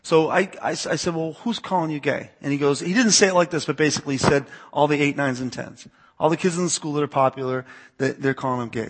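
A man's voice: medium pitch, breathy edge. A youth pastor in his forties who grew up on the US East Coast, giving a talk to a church audience in a conversational manner, repeating words and asking listeners to raise their hands.

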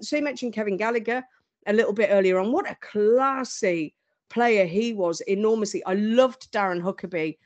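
A woman as a guest, telling stories in an animated, storytelling way. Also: medium pitch. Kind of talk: casual fan chat.

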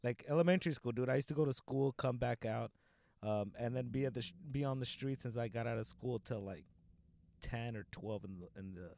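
Young dude w/ a raspy fry voice, chill profane chat, "like" every other word. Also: male voice, medium pitch, fairly quick, darkish tone, a little hiss or hum. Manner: slangy, profane, says "like" and "dude" constantly. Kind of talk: casual chat.

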